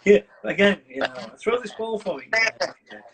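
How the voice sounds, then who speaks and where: A man's voice: high-pitched, expressive, normal speed, a crowd in the background, voice pushed up. Man doing a whiny, demanding pet dog. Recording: distant mic with loud noise.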